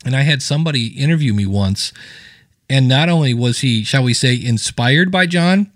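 A man's voice: mid-range voice, expressive, normal speed, a bit bright, no room sound, studio quality. A man, a guest on a podcast interview, chatting casually and telling anecdotes in which he acts out what other people said. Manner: storytelling, acting out quoted people in anecdotes.

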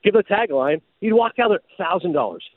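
Animated man with a tinny, phone-like sound. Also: high voice, brisk, no echo. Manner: animated storyteller, slips into announcer voice. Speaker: podcast host and former sportscaster. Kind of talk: casual chat.

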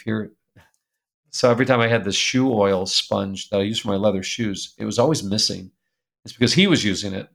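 Gravelly older man telling a story. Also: on the low side, brisk. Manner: animated storyteller who laughs often and reads letters aloud. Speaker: guest. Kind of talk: personal storytelling in an interview.

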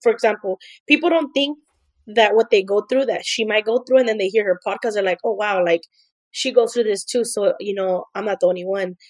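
Heartfelt halting woman guest. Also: mid-range voice, dry recording, low-quality recording. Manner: heartfelt, halting, repeats words. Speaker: guest, host's assistant. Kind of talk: casual chat.

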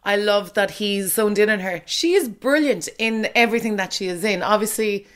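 A woman's voice: mid-range voice, normal speed. An Irish woman, a radio presenter, chatting casually and giving her opinions about a film with lots of fillers. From Ireland.

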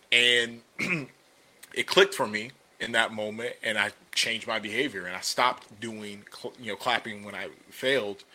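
A young adult man co-hosting a podcast, telling a personal story in a relaxed, conversational way with many fillers, and building energy when he makes his point. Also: on the low side, a little slow. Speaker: podcast co-host and business coach. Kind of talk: casual podcast talk.

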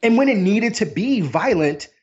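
Animated husky man in his thirties. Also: sits high, moderate pace, dull audio. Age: 30s. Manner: animated, mimics voices in quotes. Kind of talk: casual movie review chat.

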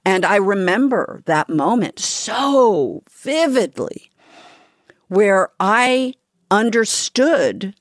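A woman podcast host talking in a reflective, measured way and laughing often. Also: mid-range voice, dry recording, clean studio sound. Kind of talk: conversational podcast chat.

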